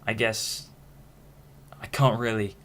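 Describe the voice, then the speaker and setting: Low-voiced young man rambling frankly. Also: little pitch movement, a bit bright. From Hull, England. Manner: frank, halting, many restarts. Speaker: vlogger. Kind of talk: casual rambling monologue.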